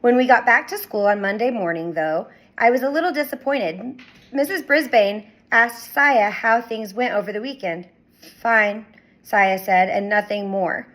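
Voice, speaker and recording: A woman reading a children's chapter book aloud with expressive storytelling. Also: mid-range voice, moderate pace, low-quality recording. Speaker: reader.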